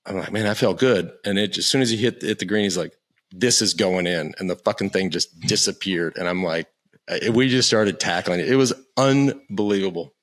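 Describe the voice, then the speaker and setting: A man in his fifties, a podcast guest, telling animated stories, swearing freely and acting out what others said. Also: low-pitched, brisk. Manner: animated storyteller, swears freely, acts out quotes. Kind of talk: casual interview chat.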